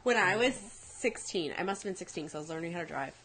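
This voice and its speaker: Animated young woman telling stories. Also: fairly low pitch, quick pace, slight background noise. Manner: animated storytelling, acts out quotes. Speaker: co-host. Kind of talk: casual chat.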